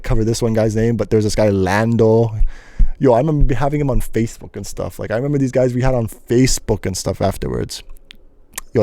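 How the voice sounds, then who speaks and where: A young man hosting a solo podcast, telling a rambling story in an animated way with sudden loud yelps and bits of singing. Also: mid-range voice, dry recording. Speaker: host.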